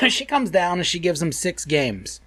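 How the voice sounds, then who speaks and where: Male podcast co-host, higher-pitched and lively, foul-mouthed ranter. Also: unhurried. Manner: animated, profane, ranting. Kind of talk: casual podcast banter.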